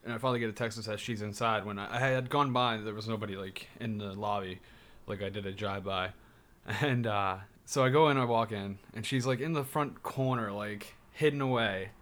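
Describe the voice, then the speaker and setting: A man's voice: fairly low pitch, a little fast, fairly bright tone. A young man in casual chat, rambling through a story with lots of fillers and swearing.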